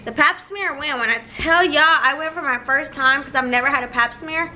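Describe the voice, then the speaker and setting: A woman's voice: high voice, normal speed, pushed and bright, a little hiss or hum, poor audio. A woman in her early twenties chatting casually to her viewers, emotional and laughing as she tells stories. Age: 20s. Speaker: vlogger. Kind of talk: casual chat.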